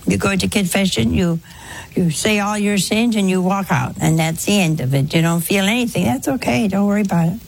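A woman's voice: mid-range voice, a little fast, gravelly. A woman giving a spoken sermon to a congregation in a folksy way, full of rhetorical questions and anecdotes. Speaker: religious speaker.

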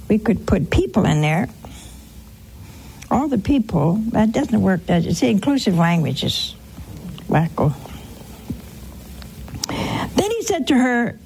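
Sex: woman. Role: religious broadcaster. Style: sermon-style teaching, folksy and wry. Pace: slow, with lively pitch. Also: creaky, a little hiss or hum, rough recording. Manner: folksy, wry, talks straight to listeners.

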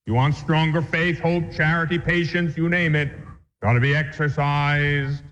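A priest teaching a catechism class, pitched a little high for a man. He speaks in a measured, deliberate way and drives points home with homely examples. The lo-fi recording rings with a long hall reverb. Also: fairly even intonation, fairly bright tone. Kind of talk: catechism lecture.

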